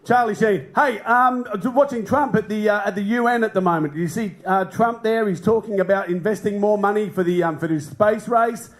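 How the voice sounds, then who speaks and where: A man's voice: sits high, moderate pace, hardly any pauses. Brash sweary Australian stand-up man. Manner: brash, sweary, ranting delivery. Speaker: stand-up comedian. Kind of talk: stand-up set. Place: comedy club stage with a live audience.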